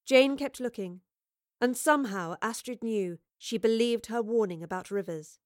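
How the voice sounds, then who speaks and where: A woman's voice: a little high, normal speed, no room sound. Woman narrating an audiobook, dry and close. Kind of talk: scripted narration.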